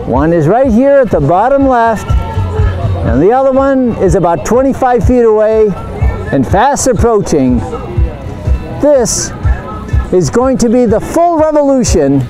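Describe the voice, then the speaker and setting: Male commentator, slow and animated, talking over music. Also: very high voice, poor audio. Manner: explanatory and unhurried. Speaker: video narrator and commentator. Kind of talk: live event commentary.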